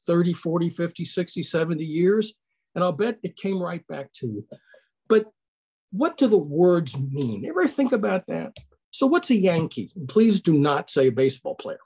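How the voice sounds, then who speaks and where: A man's voice: sits high, darkish tone, slightly rough. An older man giving a conversational online history lecture over a video call, putting questions to his audience.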